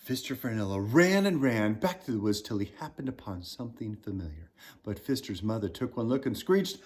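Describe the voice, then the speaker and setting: Animated author reading a storybook aloud, husky, big ups and downs in pitch. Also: male voice, a little fast. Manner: animated storytelling, swinging pitch and loudness, whispers. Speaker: children's author. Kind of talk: reading a picture book aloud.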